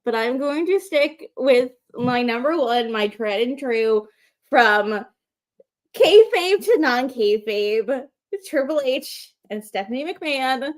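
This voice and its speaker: Gushing high-voiced woman co-host. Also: takes it slowly. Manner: gushing, animated storytelling with many fillers. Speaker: podcast co-host. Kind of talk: casual chat.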